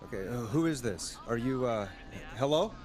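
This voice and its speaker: An actor playing a weary, sardonic late-night radio DJ, slipping between smooth on-air patter and exasperated asides. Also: male voice, medium pitch, lively intonation, normal speed, very noisy, close to an everyday voice. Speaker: radio host.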